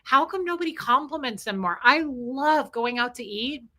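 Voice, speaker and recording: A woman, ranting casually to her live stream chat and acting out the people she talks about. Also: high voice. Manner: animated, acts out people in quick quoted voices.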